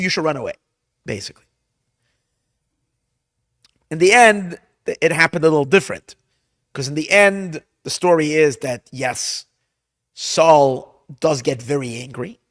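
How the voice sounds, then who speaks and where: A man, a rabbi teaching a class, retells a Bible story with lively energy, trying phrases twice and repeating words as he goes. His voice sits on the higher side and swings up sharply when he acts out a line. The sound is dry and close, with no room around it. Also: dry recording. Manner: animated storyteller, acts out lines loudly; restarts and repeats words often.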